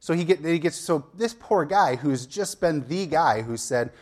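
A man's voice: fairly high pitch, expressive, moderate pace. A man preaching a sermon as a pastor, retelling a story in a conversational way with asides and light humor.

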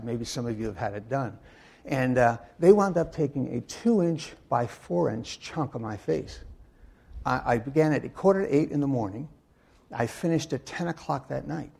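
An older man giving a sermon in a church, telling wry stories in a halting way full of uh and restarts. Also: mid-range voice, gravelly, darkish tone, breathy edge. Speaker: guest speaker and Bible teacher. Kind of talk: anecdotal sermon talk.

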